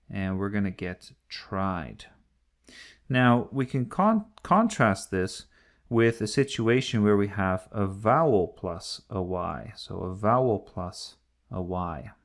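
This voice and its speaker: A man's voice: on the low side, gravelly. A man teaching an English grammar lesson, explaining patiently step by step and repeating key points.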